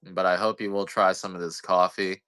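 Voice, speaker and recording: A man with a low voice and a forceful, bright edge rambles through a casual livestream as he sells coffee. He jokes at his own expense and drifts from thought to thought. The sound is dry and close, with no room around it. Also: level tone, moderate pace, clear, resonant tone, dry recording. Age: adult parent. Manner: rambling, self-deprecating, joking.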